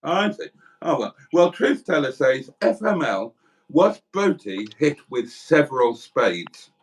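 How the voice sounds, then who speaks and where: A middle-aged man from South Wales chats through a livestream, reading viewer comments aloud in a rambling, self-mocking way. His voice sits at an ordinary mid pitch. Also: sing-song, takes it slowly, breathy edge. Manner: rambling, self-deprecating, chatty. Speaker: livestream host.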